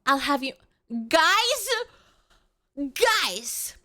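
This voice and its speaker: High-voiced playful woman streamer. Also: expressive, unhurried, fairly bright tone. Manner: playful and melodramatic, pleading with chat. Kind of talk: casual live-stream chat.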